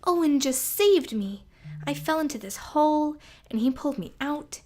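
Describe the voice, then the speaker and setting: A woman voicing a small, timid young girl mouse who talks in an eager, squeaky way. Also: sing-song, measured pace, heavily acted. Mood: excited.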